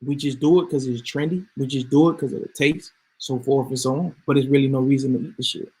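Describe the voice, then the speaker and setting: A man's voice: medium pitch, fairly even intonation, fast talker, a little mellow, slightly rough. A man ranting casually to his viewers, emphatic and swearing freely. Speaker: vlogger. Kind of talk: casual rant to camera.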